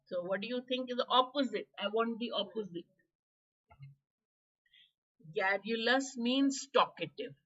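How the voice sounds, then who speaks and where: Woman, Indian English accent, hoarse exam-prep teacher; bright, high voice, muffled stream audio. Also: a little slow, long pauses. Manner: chatty, quizzing students by name, coughing. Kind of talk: live online vocabulary class.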